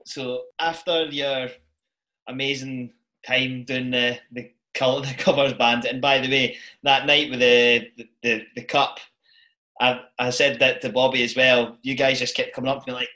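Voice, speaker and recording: A man hosting a casual interview, relaxed and quick to laugh as he stumbles into his questions. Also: mid-range voice, low-quality recording. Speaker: podcast host.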